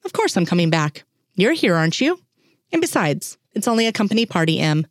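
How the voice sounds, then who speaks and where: A woman reading the lines of a calm female agent and mother who speaks softly but firmly. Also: medium pitch, brisk, no echo, studio quality, natural voice. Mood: gentle. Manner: soft but firm.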